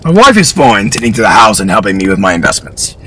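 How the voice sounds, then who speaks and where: A man voicing a polite, formal gentleman sailor and proud father, in a storybook reading. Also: lowish voice, very animated, fast, a little hiss or hum. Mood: courteous.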